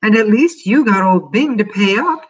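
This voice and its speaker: A gentle mother asks her husband what is going on, amused rather than upset, voiced by a woman reading aloud. Her voice rises higher than the narration and stays husky. It is a family storybook reading. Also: expressive, moderate pace, lo-fi sound. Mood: curious.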